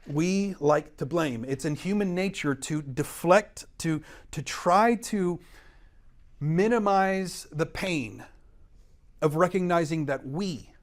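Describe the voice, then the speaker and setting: A slow-paced man with a slightly high voice teaches adults scripture in a church classroom. He explains the text earnestly, stresses key words heavily, and slips into short acted lines from biblical figures.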